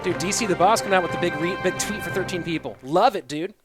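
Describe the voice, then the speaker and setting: A young male caster calls an esports match live, trading casual, joking banter with his chat. His voice sits high for a man, with clear music running behind. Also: fast talker. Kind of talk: live stream game commentary.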